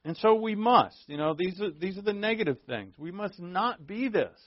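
Bible class teacher, man, conversational and repetitive, somewhat high-pitched, muffled close recording. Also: expressive, normal speed, no room sound. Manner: conversational, repetitive emphasis, frequent fillers. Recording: dull, dry, lo-fi recording.

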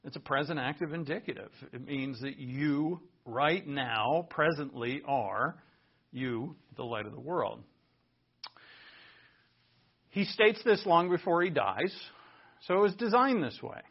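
Gravelly pastor, lo-fi. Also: male voice, on the high side, measured pace. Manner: animated teaching, repeating phrases for emphasis. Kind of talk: sermon with Greek word study at a whiteboard. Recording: dull lo-fi recording.

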